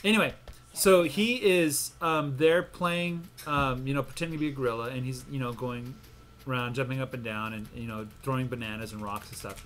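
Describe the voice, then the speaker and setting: A man's voice: medium pitch, animated, fast. Rambling casual man telling a joke. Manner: rambling, self-interrupting storyteller. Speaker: gaming channel host. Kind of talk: casual gameplay commentary.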